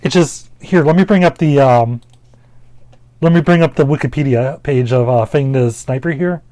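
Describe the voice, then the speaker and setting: A man's voice: mid-range voice, normal speed, dark tone, no room sound. A man giving casual, rambling gameplay commentary, full of fillers, restarts and the odd swear word. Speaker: gaming commentator.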